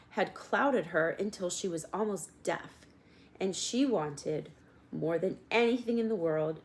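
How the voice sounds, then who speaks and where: Woman, storybook narration, gentle, measured, low voice, gravelly fry. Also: slight background noise. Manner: gentle, measured, addressing the reader. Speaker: audiobook reader.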